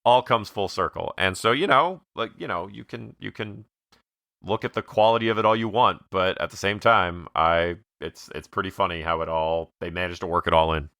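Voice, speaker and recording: A man's voice: low-pitched, moderate pace, vocal fry, pushed and bright, no room sound, clean studio sound. A man co-hosting a podcast, chatting easily about a comedy film and agreeing with his partner. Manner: easygoing, agreeing, short replies. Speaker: podcast co-host. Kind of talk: casual movie discussion.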